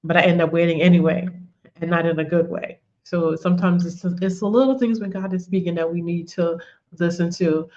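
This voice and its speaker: A woman's voice: on the low side, fairly even intonation, fairly quick, darkish tone, lo-fi sound. A woman giving a conversational faith teaching, telling personal stories, repeating words and often saying "you know". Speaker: women's ministry teacher.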